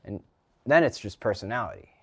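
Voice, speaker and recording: A man's voice: lowish voice, expressive, brisk, breathy edge. A teenage boy chatting casually on a live stream from his garage, rambling with lots of ums and restarts. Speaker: livestreamer. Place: home garage.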